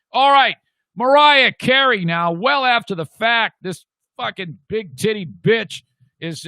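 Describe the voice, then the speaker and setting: A middle-aged male host rants bluntly and swears freely, his voice sitting fairly high for a man. The sound is close and dry, with no room around it. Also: pushed and bright, clear, resonant tone, dry recording. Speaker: radio show host. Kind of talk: profane ranting commentary.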